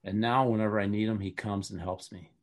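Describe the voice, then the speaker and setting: A man's voice: lowish voice, steady tone, brisk. A man telling a long personal story in a casual interview, rambling with many fillers and restarts. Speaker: guest.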